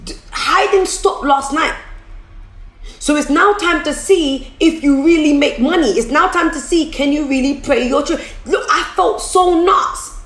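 A woman speaks openly to her viewers about her business, calling them guys and circling back over her words. Her voice sits a little high. The room around her is echoey. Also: normal speed. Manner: candid, repeats and restarts, addresses viewers as guys. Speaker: business owner vlogger. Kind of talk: casual motivational talk to camera. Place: room at home.

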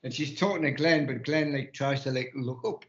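Rambling man in a roomy, muffled room. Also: mid-range voice. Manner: rambling, halting, many restarts. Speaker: panel guest. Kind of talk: live casual panel chat. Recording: dull, roomy lo-fi sound.

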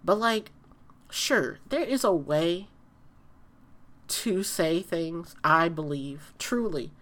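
A woman's voice: on the low side, lively intonation, slow, fairly bright tone. A woman in a casual ranting monologue, blunt and emphatic, who repeats her points and swears freely.

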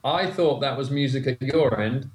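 A man's voice: medium pitch, normal speed. London man, guest, dry wit, echoey video-call audio. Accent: London English. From England. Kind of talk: casual podcast chat over video call.

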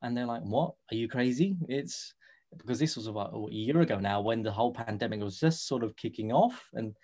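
A man in his thirties with a London accent speaks as a podcast guest. He tells his story earnestly, slipping into the voices of the people he quotes. His voice sits at an ordinary middle pitch. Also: expressive, fairly quick, a little mellow. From England. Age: 30s. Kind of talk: casual podcast interview.

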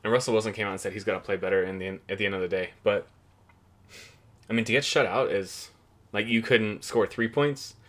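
A young man recapping the week's games on his own podcast, talking loosely and cursing freely. His voice sits a little on the low side, and he drifts through his thoughts with fillers and restarts. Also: steady tone, fairly quick, fairly bright tone. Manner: rambling, profane, offhand. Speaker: podcast host. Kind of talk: casual solo football podcast recap.

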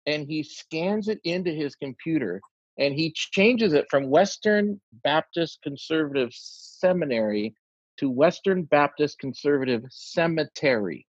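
Husky man telling a funny story. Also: a little high, measured pace, no echo, lo-fi sound. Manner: animated anecdote teller, acts out quoted lines. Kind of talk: storytelling among friends.

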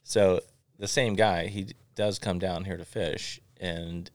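A man in his forties from Florida hosting a casual chat, telling stories in an animated, joking way. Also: low-pitched, unhurried. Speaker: podcast host.

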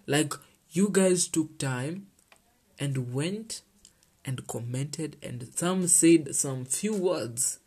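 A man's voice: a little high, animated, drawn-out words, darkish tone, breathy edge. A teenage boy from Kenya with a Kenyan accent, hosting his own show in a chatty, heartfelt monologue that mixes in Swahili slang. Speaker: host. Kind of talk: casual solo podcast chat.

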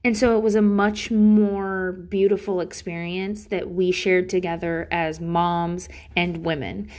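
A woman's voice: fairly low pitch, steady tone, unhurried, a little mellow. A young woman hosting a solo podcast, talking candidly with lots of fillers and swearing, a bit sniffly, breaking into silly laughs. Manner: candid, swears freely, many fillers and likes; laughs between lines, playful silly bursts. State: sniffly runny nose. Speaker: podcast host. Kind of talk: casual solo podcast chat.

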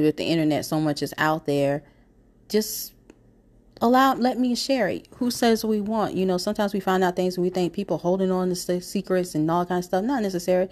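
A woman's voice: lowish voice, a little mellow. A young woman hosting a solo podcast, stuffy from a cold, rambling conversationally with lots of "you know" and "like". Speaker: podcast host. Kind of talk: casual solo podcast talk.

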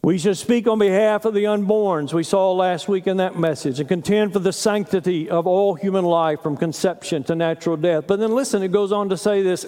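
A male pastor preaching a sermon earnestly, pausing for emphasis. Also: high-pitched, mellow, in a large hall.

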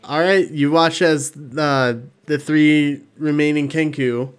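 A man narrating as game master of a tabletop game, calm and unhurried, with chuckles between lines. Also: on the high side, clear, resonant tone, soft background music.

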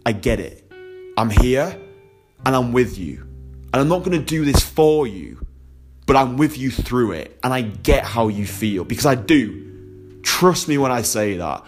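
A man's voice: medium pitch, lively intonation, unhurried, soft background music. A young man, a dating coach, telling a personal story in a casual vlog, candid and heavily profane, laughing often.

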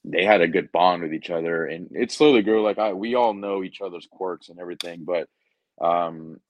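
Young guy w a really deep voice, laid back, lots of ums, sounds kinda muffled and lo-fi. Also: normal speed, no echo. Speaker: podcast guest, recruiter. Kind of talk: casual podcast chat. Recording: dull, muffled dry recording.

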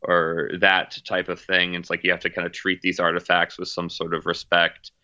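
A man's voice: low-pitched, monotone, normal speed, pushed and bright, clear, resonant tone, no echo, lo-fi sound. A man chatting casually about movies, rambling with lots of fillers and restarts. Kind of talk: casual chat.

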